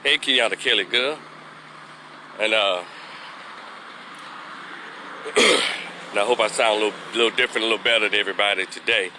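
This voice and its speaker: A man's voice: lowish voice, normal speed, pauses often, pushed and bright, slight background noise. A man doing a casual live vlog outdoors, talking into a phone while getting over a cold, rambling and losing his train of thought. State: recovering from a cold, slightly stuffy. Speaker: vlogger giving opinions. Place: outdoors walking past a construction site.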